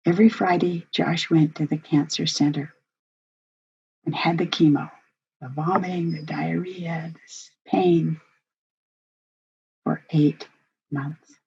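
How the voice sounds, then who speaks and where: Speaking slowly with frequent pauses, this grandmother uses a deep, husky, darkish voice held at a steady tone. She's an older woman leading a workshop, recounting a family story in an earnest, heartfelt way. The recording is dull and lo-fi.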